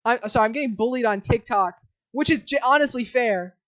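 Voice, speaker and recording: On a live stream, a woman reads a film script aloud, going flat for the scene directions and turning flustered when she talks to her chat. Her voice is on the high side and a little fast, and the audio is poor.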